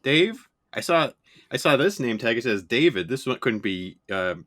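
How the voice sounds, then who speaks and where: A man improvises his character at the gaming table, stumbling through fillers and restarts. His tone is bright and forward. His delivery stays hesitant and rambling, as if he is feeling his way through each line. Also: medium pitch, sing-song, moderate pace. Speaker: player. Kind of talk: in-character improv role-play.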